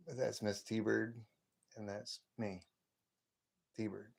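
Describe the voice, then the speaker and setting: A man's voice: fairly low pitch, little pitch movement, measured pace, creaky, pauses often, a little mellow. A middle-aged man hosting a casual live stream from home, chatting in a folksy way and calling viewers brother.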